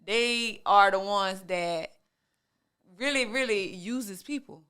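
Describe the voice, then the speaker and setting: A woman giving her opinion in a casual chat, slowly and deliberately. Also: mid-range voice, a bit bright, clear, resonant tone.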